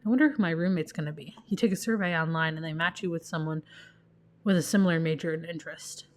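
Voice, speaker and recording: A woman voicing an excited young adult daughter in a dating game, talking fast and bubbly. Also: sits low, close to an everyday voice.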